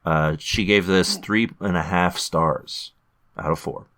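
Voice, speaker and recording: A man hosting a podcast in casual chat, halting with many ums and restarts. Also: sits low, fairly even intonation, fairly bright tone. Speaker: podcast host.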